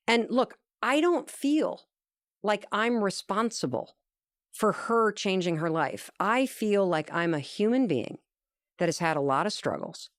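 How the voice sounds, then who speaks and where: A woman's voice: mid-range voice, unhurried, dry recording, studio quality. A woman telling an earnest, emphatic story as a guest in an interview conversation. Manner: animated, acts out quoted dialogue.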